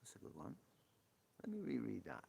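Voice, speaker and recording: Low, gravelly man chatting casually. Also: wildly swooping pitch, a little fast, warm tone. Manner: chatty, joking, laughs often. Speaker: live stream host. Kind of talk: casual chat with viewers. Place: outdoor porch.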